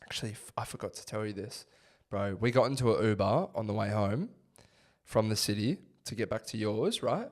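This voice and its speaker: A man's voice: on the low side, brisk. A young Australian man co-hosting a podcast, telling stories in casual chat with frequent laughter. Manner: animated storyteller, laughs often. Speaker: podcast co-host.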